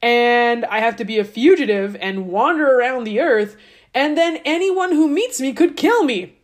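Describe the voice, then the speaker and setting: A woman's voice: on the high side, animated, moderate pace, pitched above the performer's own voice, natural voice. Woman doing a whiny sulky guy feeling sorry for himself. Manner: whiny, sarcastic. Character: sulky sarcastic young man, self-pitying.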